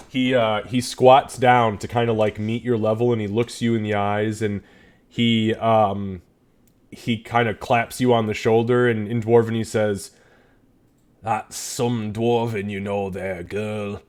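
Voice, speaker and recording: A man's voice: fairly low pitch, level tone, a little slow, a little mellow, clear, resonant tone. A man narrating a tabletop game as game master, loose and descriptive with many fillers.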